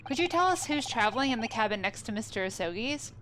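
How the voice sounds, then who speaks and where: A woman's voice: on the high side, animated, fast talker, close to an everyday voice. A woman voicing an earnest, courteous young man who asks questions formally, in a recording with background noise. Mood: polite. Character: polite, earnest young male law student.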